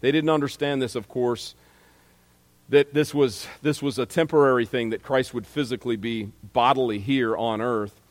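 A man's voice: mid-range voice, fairly even intonation, moderate pace. Male preacher, mid-range voice, conversational sermon delivery, echoing hall sound. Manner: conversational preaching, reads scripture aloud, frequent restarts.

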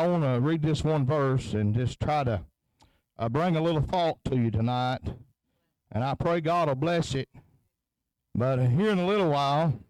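A man's voice: medium pitch, mellow, dry recording, rough recording. A man preaching at a tent revival into a handheld microphone, punctuating his phrases with a chanted "huh?" as he builds intensity. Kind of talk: revival sermon.

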